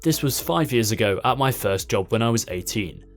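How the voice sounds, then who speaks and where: A man reading a story aloud as narrator, in an expressive storytelling manner. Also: mid-range voice, normal speed, faint music behind.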